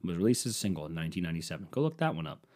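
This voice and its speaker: Man, lowish voice, rambling comic monologue, profane, sarcastic asides. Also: big pitch swings, rapid-fire, a little mellow.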